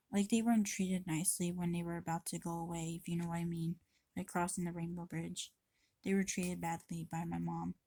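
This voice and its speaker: A woman talks straight into her camera mic in a rambling confessional vlog. Her delivery stays flat and even, with little rise and fall, and the sound is dry and close. She swears freely and keeps stopping to restart her thoughts. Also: lowish voice, moderate pace, vocal fry, dry recording. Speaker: vlogger.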